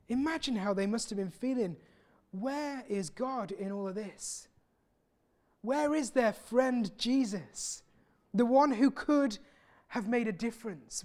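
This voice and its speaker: A man preaching a sermon, earnest and personal, often pausing and restarting his sentences. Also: very high voice, a little mellow. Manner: earnest, with many pauses and restarts.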